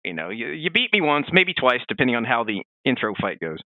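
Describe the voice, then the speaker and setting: A man co-hosting a casual podcast, chatting in an animated way with many fillers and restarts. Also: mid-range voice, a little fast, dry recording, narrow, tinny audio. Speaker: podcast co-host.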